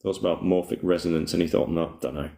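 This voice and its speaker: A man's voice: deep voice, fairly even intonation, fast, creaky, dark tone. A man hosting a casual spiritual livestream, rambling in a laid-back way and reading viewer comments aloud. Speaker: livestream host. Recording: roomy echoey room.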